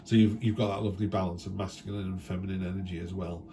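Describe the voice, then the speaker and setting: Low-voiced man chatting through a tarot reading. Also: level tone, fast talker, warm tone. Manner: chatty, rambling, with tag questions. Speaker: tarot reader. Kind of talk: casual weekly tarot reading.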